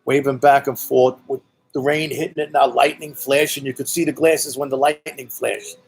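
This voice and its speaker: A man's voice: mid-range voice, flat delivery, normal speed, gravelly, slight background noise, poor audio. A man from Brooklyn with a Brooklyn accent telling a story in a blunt, profane, rambling way, full of "you know"s. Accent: Brooklyn New York. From Brooklyn, New York. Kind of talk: casual spoken storytelling.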